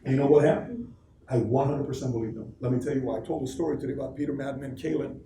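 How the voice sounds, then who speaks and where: A man's voice: medium pitch, very fast, mellow, slight background noise. Male exec speaker, emphatic storyteller, recorded from across a roomy office with faint ambience. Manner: emphatic, punchy short sentences. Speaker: CEO giving a talk to staff. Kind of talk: motivational storytelling talk. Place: office room. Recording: echoey room, distant mic, faint ambience.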